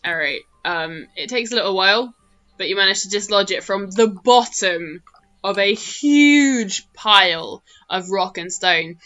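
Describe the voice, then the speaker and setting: A British woman narrates a tabletop game as its game master, her voice bright and forward. She tells the scene with lively energy and jumps into high shouts for the small characters. Soft music plays underneath. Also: lo-fi sound.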